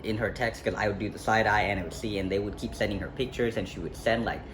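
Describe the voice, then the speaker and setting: A young man tells a personal story in a loose, casual vlog style. His voice sits on the low side, and he rambles, backtracks and leans on fillers. Faint outdoor ambience hums behind him. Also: fairly even intonation, fast. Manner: rambling, self-correcting, many fillers and "like". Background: faint street ambience, passing traffic.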